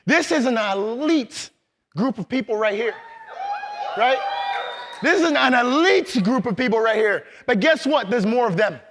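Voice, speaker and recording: A man giving a loud, hyped motivational training talk to a live audience in a large event hall, calling on the crowd and laughing. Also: extremely high pitch, lively intonation, a little slow, noisy background. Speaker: motivational speaker.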